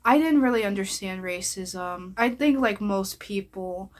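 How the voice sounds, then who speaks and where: A woman's voice: medium pitch, measured pace. A young adult woman speaking earnestly and heartfelt to her viewers as a vlogger. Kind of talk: personal address to viewers.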